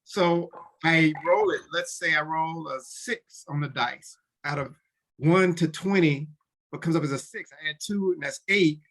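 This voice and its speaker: A man with a slightly higher voice talks through tabletop game rules in relaxed conversation. He often restarts his sentences and slips into short acted lines for characters. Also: unhurried. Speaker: podcast co-host explaining tabletop games. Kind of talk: casual explanatory chat.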